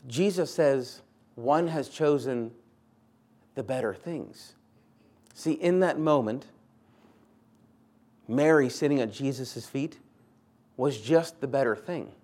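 A man's voice: mid-range voice, darkish tone. A man preaching a sermon in an earnest, conversational way, repeating short phrases for emphasis. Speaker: pastor.

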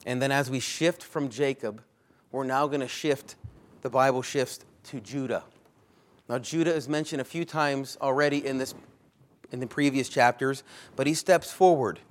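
A pastor delivering a conversational sermon, emphatic at points and often rephrasing himself mid-sentence. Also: male voice, mid-range voice, normal speed. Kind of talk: expository sermon.

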